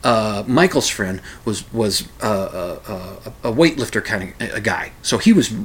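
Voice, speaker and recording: A man's voice: fairly low pitch, lively intonation, a little slow, fairly bright tone, slightly rough. A man from Minnesota telling a long casual story, rambling with many restarts and fillers and a wry, self-deprecating humor.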